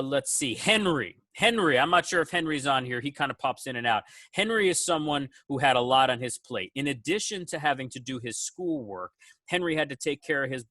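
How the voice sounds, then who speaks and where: A male teacher speaks over a video call, his voice bright and forward. The sound is dry and close, with little room in it, and he praises each student in turn with lively, quoted asides. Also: medium pitch, no room sound. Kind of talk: casual award speech on a video call.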